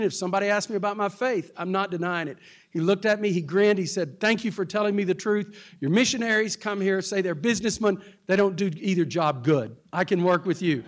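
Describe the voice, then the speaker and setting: A man from Texas, a pastor, telling a story, laughing often and acting out the other people in it. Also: high-pitched. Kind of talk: storytelling talk.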